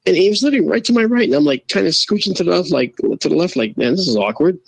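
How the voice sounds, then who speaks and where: A man guest telling a casual, animated story and acting out the quoted voices. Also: high voice, fast talker, vocal fry, breathy edge, no echo, rough recording. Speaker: guest, astronomer and photo-video analyst.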